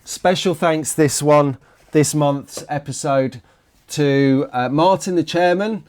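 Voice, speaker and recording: A man's voice: a little high, takes it slowly, darkish tone. A British man talking casually to camera as a hobby vlog host, chatty and rambling, often restarting his sentences. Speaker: slot car vlogger.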